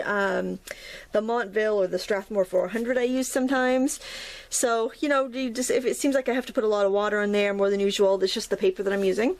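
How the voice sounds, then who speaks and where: Narrating a relaxed watercolor lesson, this middle-aged woman from New England chats, rambles, and frequently laughs at herself. She speaks at a fairly high pitch with a somewhat dark tone.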